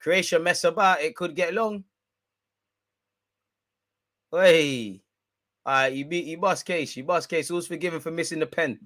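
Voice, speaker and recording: Excitable slangy man commentating. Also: a little high, a little slow, pauses often, no echo. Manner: excitable, slangy, chatty with viewers. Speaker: watch-along host. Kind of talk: live football watch-along commentary.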